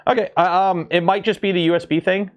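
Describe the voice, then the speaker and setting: A man's voice: high voice, steady tone, fast talker. A man from Canada hosting a livestream, talking casually and rambling with lots of ums and restarts. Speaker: livestream host.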